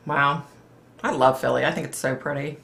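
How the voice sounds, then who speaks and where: A middle-aged woman from Philadelphia hosting a casual psychic livestream, chatting with viewers in a blunt, animated way and swearing freely. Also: low-pitched, moderate pace, gravelly. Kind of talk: casual livestream chat reading comments.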